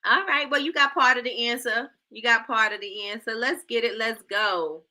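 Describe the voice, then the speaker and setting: A woman's voice: on the high side, normal speed, bright, forceful tone. A woman hosting a casual livestream, playfully quizzing her chat and repeating herself, calling them y'all. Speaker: livestream host.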